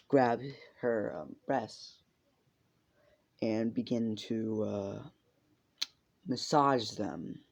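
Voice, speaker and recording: Gravelly man rambling through a fan story. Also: medium pitch, a little mellow. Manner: rambling, filler-heavy and swearing. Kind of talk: improvised fan-fiction narration. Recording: muffled lo-fi recording.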